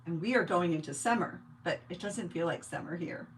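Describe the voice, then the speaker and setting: A woman's voice: on the low side, fairly quick, a little hiss or hum. A woman from New York hosting a live craft stream, chatting casually with viewers and greeting them by name while she works. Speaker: craft livestream host.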